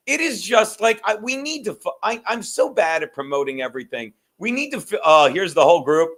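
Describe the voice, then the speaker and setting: High-voiced profane rambling podcast host. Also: male voice, a bit bright. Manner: rambling, profane, laughs often. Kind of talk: casual chat.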